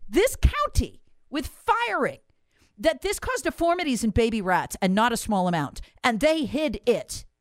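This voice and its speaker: A woman's voice: high voice, no room sound, clean studio sound. A woman, hosting and delivering an angry, emphatic monologue full of rhetorical questions. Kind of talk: impassioned monologue.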